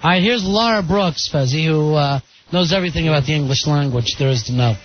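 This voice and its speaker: A man's voice: fairly high pitch, fairly quick, faint music behind. A man hosting a casual radio talk show, joking with his co-host and taking calls. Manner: jokey, leads the segment, takes calls. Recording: dull lo-fi radio broadcast.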